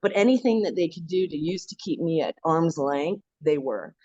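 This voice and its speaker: A woman guest telling her story in a casual conversation, animated and full of "like" fillers. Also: low-pitched, normal speed, dry recording. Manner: animated, acts out quoted dialogue, many "like" fillers. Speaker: podcast guest, local activist. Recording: dull lo-fi dry audio.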